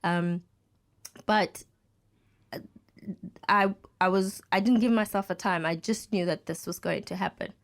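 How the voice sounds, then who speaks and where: A woman's voice: mid-range voice, a little slow, pauses often. A woman in her thirties, a podcast guest, telling a story in casual chat and acting out what other people said. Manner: animated, acts out quoted people.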